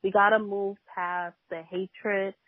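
A woman's voice: medium pitch, flat delivery, slow, no room sound. A woman, a minister appearing as a podcast guest, telling a faith story with many hesitations. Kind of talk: faith testimony in a podcast interview. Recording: tinny phone line.

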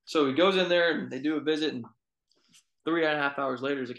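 A young assistant college baseball coach from Texas tells stories in a relaxed interview, using lots of fillers. His voice is fairly high and fast with vocal fry, and the audio is poor.

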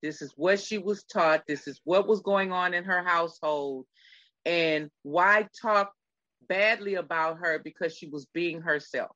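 Emphatic middle-aged woman, bright dry voice. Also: fairly low pitch, measured pace, no echo, lo-fi sound. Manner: emphatic, addresses listeners directly. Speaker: podcast co-host. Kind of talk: casual podcast chat.

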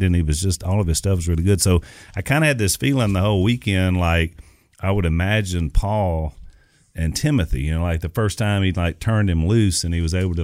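A middle-aged man hosting a casual chat, talking in a loose, rambling way with lots of fillers. His voice is deep, and the recording is dry and close. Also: a little mellow, dry recording. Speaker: host.

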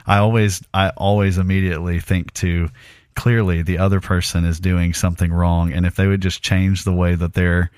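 A man co-hosting a podcast, telling a story in a relaxed, casual way and murmuring agreement. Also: sits low, moderate pace, smooth, dry recording, studio quality. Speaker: podcast co-host.

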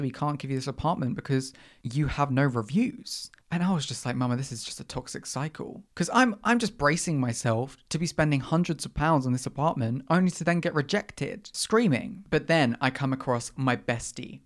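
A podcast host telling a story in casual, animated chat full of slang and dramatic asides. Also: medium pitch.

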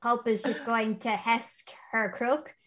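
A woman's voice: a little high, steady tone, slow pace, a bit bright. A woman playing a character in a tabletop role-playing game, playful and teasing. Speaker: player.

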